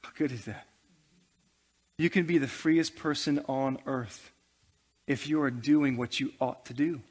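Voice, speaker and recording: A man's voice: medium pitch, measured pace, pauses often. A male pastor preaching a sermon to his church, building intensity with humorous asides.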